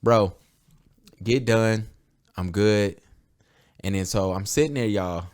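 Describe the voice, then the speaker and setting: Low-voiced male podcast host; loose, profane storyteller who acts out quoted lines. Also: slow pace, darkish tone. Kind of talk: casual storytelling chat.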